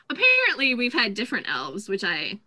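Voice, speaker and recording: A woman, chatting as co-host and telling animated stories about her family. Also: on the high side, normal speed, dry recording, poor audio. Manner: chatty storyteller, quotes her kids in lively voices. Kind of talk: casual chat.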